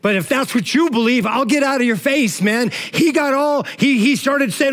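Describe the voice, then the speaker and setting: A man's voice: very high voice, a little fast, hardly any pauses, fairly bright tone. A middle-aged male pastor preaching a sermon in an emotional, conversational way, often tossing in "man" and "all right".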